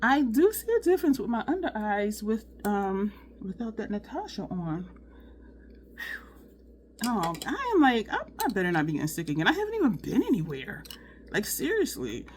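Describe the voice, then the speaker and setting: A woman's voice: mid-range voice, big pitch swings, moderate pace, slight background noise. A woman chatting casually through a makeup tutorial at home, sweating and talking to her viewers as "y'all". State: sweating, overheated. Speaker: beauty vlogger.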